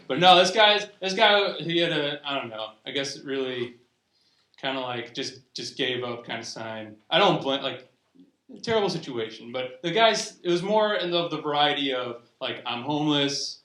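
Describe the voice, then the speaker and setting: Performing a live stand-up set, a young man talks at a moderate pace in a mid-range voice, meandering and restarting sentences as he interrupts himself. You hear audience laughter and faint noise in the roomy recording.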